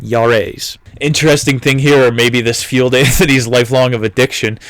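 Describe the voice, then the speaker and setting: A man's voice: mid-range voice, fairly even intonation, fast, fairly bright tone, dry recording. A man in his twenties casually reviewing a book with irreverent jokes, frequent swearing and laughter at his own lines. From United States. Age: 20s. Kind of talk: casual comedic book commentary.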